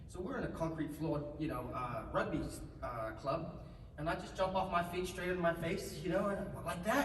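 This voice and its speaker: A man, telling lively anecdotes as a convention panel guest, laughing often and acting out what people said. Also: fairly high pitch, fairly quick. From New Zealand. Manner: animated, laughs often, acts out quotes. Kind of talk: storytelling anecdotes to an audience. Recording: roomy hall, distant mic, faint noise.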